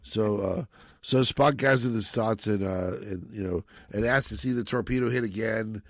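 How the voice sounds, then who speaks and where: A man with a gravelly, creaky voice hosts a casual film podcast. He rambles in an animated way and acts out the lines he quotes. The sound is dry and close. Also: lowish voice, normal speed, no echo. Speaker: podcast host.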